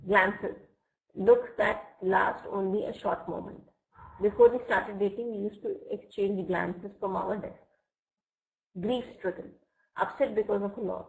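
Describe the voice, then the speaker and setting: Woman, online English teacher, mid-pitched, patient and slow, checks in often, computer mic. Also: gravelly, a little mellow, low-quality recording. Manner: patient, explains words slowly and checks "okay?" often. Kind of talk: live online class.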